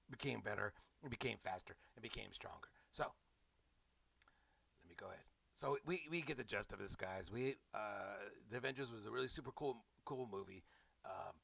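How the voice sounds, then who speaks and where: Man, gravelly low voice, bright edge, sarcastic rambling movie recap, mocking tone. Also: moderate pace, no room sound. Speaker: movie reviewer.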